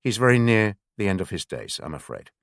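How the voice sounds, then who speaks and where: A man reading a senior male spymaster who speaks slowly and very properly in an audiobook. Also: fairly low pitch, big pitch swings, no room sound, studio quality. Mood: grave. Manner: slow, very proper. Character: senior male spymaster, older, measured, formal.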